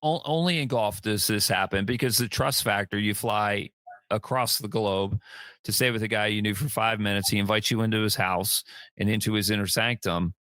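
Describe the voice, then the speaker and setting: Male podcast host, low voice, dry close sound, thoughtful wrap-up manner. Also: moderate pace, fairly bright tone, no room sound. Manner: reflective, wraps up with show plug. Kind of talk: casual interview.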